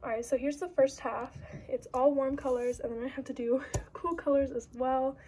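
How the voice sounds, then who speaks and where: With a little hiss or hum in the background, a young adult art student vlogs casually about her week in a high, steady, darkish voice at a moderate pace. She's chatty and leans heavily on "like" as filler.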